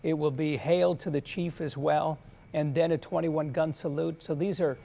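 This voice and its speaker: A man's voice: fairly high pitch, steady tone, moderate pace, creaky, dark tone. A male news anchor giving live, earnest commentary on a broadcast event in a conversational way.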